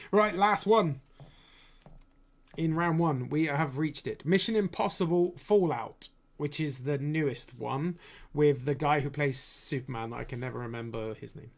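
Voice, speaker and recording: A man's voice: on the high side, measured pace. A man hosting a live-stream film vote, chatting casually and laughing often.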